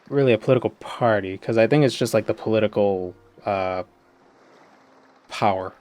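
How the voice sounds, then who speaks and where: Rambling low-voiced male streamer. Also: normal speed, a little mellow. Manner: rambling, musing, filler-heavy. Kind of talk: casual gameplay commentary.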